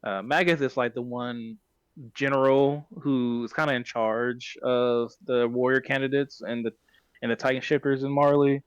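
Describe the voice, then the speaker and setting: Male podcast host, mid-pitched, talking loosely and circling back on himself. Dry, close sound. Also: fairly even intonation, normal speed, clear, resonant tone, dry recording, dull audio. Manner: rambling, self-correcting retelling. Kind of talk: casual plot recap chat.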